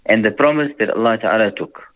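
A man giving earnest religious advice in conversation, speaking slowly and reciting Arabic verses. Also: on the low side, narrow, tinny audio. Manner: slow, earnest, preacherly, quotes Arabic verses. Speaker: Islamic teacher.

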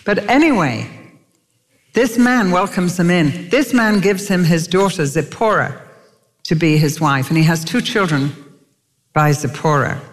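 A woman preacher telling stories in a sermon, emphatic, with sudden lifts in her voice. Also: deep voice. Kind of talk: sermon storytelling. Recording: long reverb of a large hall.

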